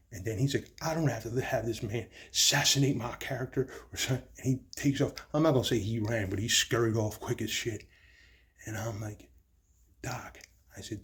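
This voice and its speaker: A man giving a rambling, profane, emotional account of his mother's death in hospital. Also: fairly low pitch. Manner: rambling, profane, agitated retelling. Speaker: grieving son telling his story.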